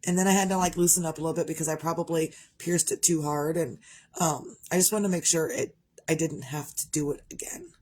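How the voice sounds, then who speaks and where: Woman, middle-aged, rambling, candid, casual vlog talk, slightly low voice. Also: brisk, a little mellow, a little hiss or hum. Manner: rambling, candid, conversational with frequent restarts. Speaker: parent vlogger. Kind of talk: casual personal vlog monologue.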